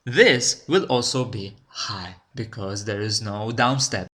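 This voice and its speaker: A man giving a recorded lecture, explaining step by step in a slow, deliberate way and checking in with "okay?". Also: on the low side, sharp tone. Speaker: language teacher.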